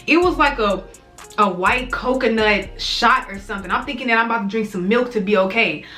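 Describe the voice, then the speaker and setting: A woman's voice: on the high side, quick pace, faint music behind. Cussing young woman telling a story. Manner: profane, animated storytelling, many fillers like "like". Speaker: vlogger. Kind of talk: casual storytime.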